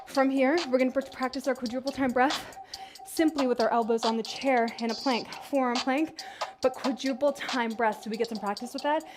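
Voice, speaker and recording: A woman fitness instructor guiding a workout, counting reps and calling breath cues in a steady rhythm. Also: high voice, fairly quick. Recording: music playing behind the voice. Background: workout music.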